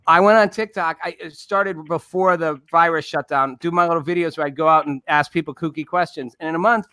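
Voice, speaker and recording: A man's voice: on the high side, steady tone, a little fast, bright, forceful tone, smooth, no room sound. An older man hosting a live-streamed talk show, joking and encouraging his guests in a friendly way. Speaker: host.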